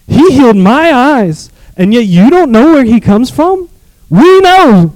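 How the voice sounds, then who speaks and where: A man's voice: very high-pitched, sing-song, a little slow, darkish tone, no room sound, voice pushed up, full character voice, poor audio. A man voicing a formerly blind man who insists he was healed, speaking emphatically and drawing out his words. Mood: insistent.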